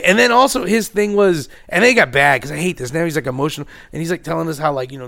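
A man trading stories on a casual podcast, his voice a touch high with a gravelly edge. He tells stories animatedly, dropping to quiet murmurs when things turn serious. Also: quick pace. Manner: animated storyteller, drops to low quiet tones for serious parts. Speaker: podcast co-host. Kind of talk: casual profane storytelling chat.

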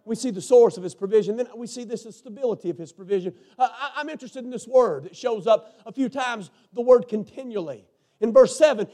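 High-voiced preacher, hushed to shouting. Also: male voice, animated, brisk. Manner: fervent, swings from hushed to shouting. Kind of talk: sermon.

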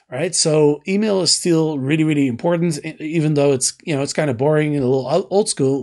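Man, slightly high voice, casual host, rambling, lots of uh and um. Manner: rambling, many fillers and restarts. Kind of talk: casual live stream talk.

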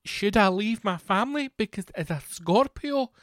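A man's voice: high voice, animated, normal speed, no room sound, clean studio sound, voice pushed up. A man mocking a whiny, self-absorbed horoscope believer. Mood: earnest whiny.

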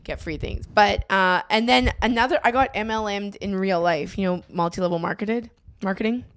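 A woman's voice: medium pitch, normal speed. A woman comedian co-hosting a podcast, chatting bluntly and laughing often as she tells stories. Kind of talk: casual comedic chat.

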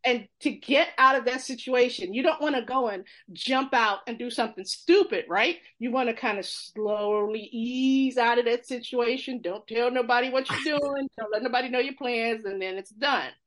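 This New Yorker's voice is on the high side. Chatting casually, she rattles off funny stories with fast, animated energy, laughing as she mimics the voices of others.

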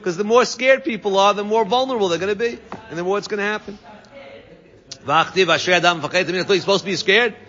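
A man teaching a Talmud class, reading Aramaic phrases and translating each one with quick asides. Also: high-pitched, sharp tone. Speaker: Torah teacher. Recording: dull sound with long reverb.

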